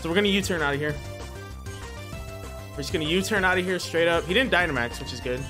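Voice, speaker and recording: Excitable nervous young man gaming. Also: a little high, fast talker. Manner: excitable and nervous, laughs often, stumbles over words. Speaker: Pokemon battle league competitor and channel host. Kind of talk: casual gameplay commentary. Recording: faint background music.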